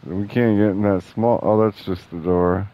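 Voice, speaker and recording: A man's voice: lowish voice, fairly even intonation, normal speed, lo-fi sound. A young man casually commenting on his video game play, joking and swearing. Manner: joking, sarcastic, swears often. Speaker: gameplay streamer.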